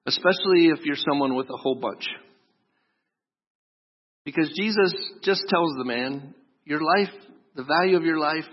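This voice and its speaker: Animated pastor preaching, somewhat high voice. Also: male voice, long reverb tail. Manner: animated, raises voice for quoted scripture, jokes with congregation. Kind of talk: sermon. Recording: dull lo-fi sound.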